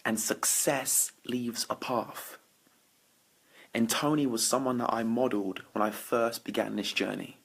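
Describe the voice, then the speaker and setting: Motivational speaker, male, gravelly husky low voice, energetic live-stream host greeting viewers. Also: measured pace. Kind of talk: late-night Facebook Live talk to viewers. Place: indoors at night. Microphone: phone or webcam for a live stream.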